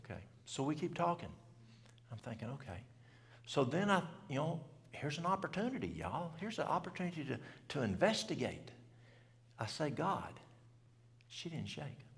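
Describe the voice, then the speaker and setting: Middle-aged man, very gravelly voice, folksy storytelling, long reverb of a church hall. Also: on the high side, very animated, moderate pace. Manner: folksy, plain-spoken country talk. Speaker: health seminar speaker. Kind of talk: storytelling talk to a church audience.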